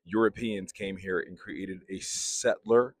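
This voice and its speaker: A man's voice: low-pitched, fairly even intonation, takes it slowly, breathy edge, dry recording, clean studio sound. A man giving emphatic, lecturing commentary in reaction to a video clip.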